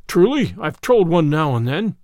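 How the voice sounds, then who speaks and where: A man's voice: fairly high pitch, very animated, moderate pace, a little mellow, no echo, studio quality. A man doing a sweet-voiced merry cook. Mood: coaxing. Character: sly merry household cook, man, fond of song.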